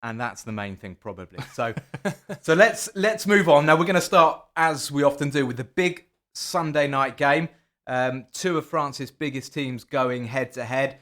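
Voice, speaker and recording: A man hosting a football podcast in a casual, chatty way, often pausing on fillers and restarting his sentences. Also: mid-range voice, fairly bright tone. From England. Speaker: podcast host.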